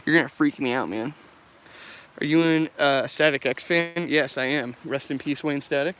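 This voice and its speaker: A young man from the United States, talking loosely as he walks through the woods and answers his viewers, often swearing and laughing. His voice sits a little high and sounds bright and forward. A faint hiss of outdoor noise runs behind him. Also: moderate pace. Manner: laid-back, swears often, laughs a lot. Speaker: vlogger answering live chat. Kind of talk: casual live-stream chat while walking. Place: outdoors in a forest by a loud river.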